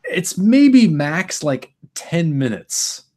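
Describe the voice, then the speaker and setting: A young man hosting a casual film podcast, thinking out loud in long stretches and acting out imagined quotes. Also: on the high side, big pitch swings, extremely slow. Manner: thoughtful, talks in long stretches, acts out quotes. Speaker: podcast host.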